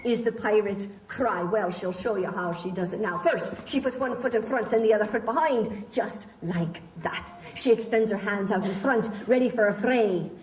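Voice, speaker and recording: Her mid-range voice moves at a normal speed with few pauses as she guides a live crowd through a pirate-themed participation show. She's theatrical and affectionate, addressing volunteers as love and darling. The distant recording carries room echo, faint crowd sounds and noise.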